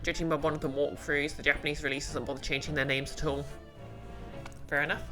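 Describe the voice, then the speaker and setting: A woman's voice: deep voice, level tone, quick pace. A woman streaming a game, chatting casually and musing aloud over game music.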